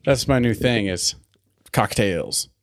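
Joking male co-host, animated casual banter, expressive voice. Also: mid-range voice, a little fast. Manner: joking, profane, lively banter. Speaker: podcast co-host. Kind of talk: casual chat.

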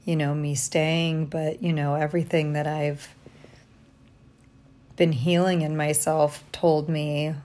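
Low, slow-talking woman, reflective and tired. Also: level tone. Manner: reflective, halting, soft-spoken. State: tired and sleep-deprived. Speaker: vlogger. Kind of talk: personal diary vlog. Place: hotel room.

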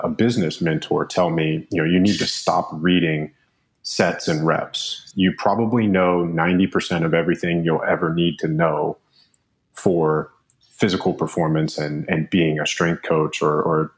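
A man in his thirties with a very low voice talks through his story as an interview guest. He is measured and explanatory and leans on fillers as he goes. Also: fairly even intonation. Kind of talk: conversational interview.

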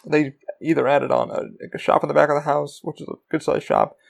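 A man's voice: fairly high pitch, fairly even intonation, quick pace, creaky. A man hosting his own podcast, rambling casually about running a small business and swearing freely. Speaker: podcast host. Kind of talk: rambling solo podcast talk.

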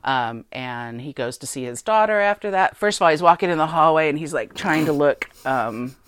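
A woman co-hosting a casual movie review chat, talking in an animated, emphatic way with many fillers and repeated words. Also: sits low, moderate pace, smooth. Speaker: podcast co-host.

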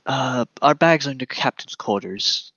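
Player, male, animated and bright, jokey table talk. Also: medium pitch, moderate pace, muffled recording. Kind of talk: casual chat at a game table.

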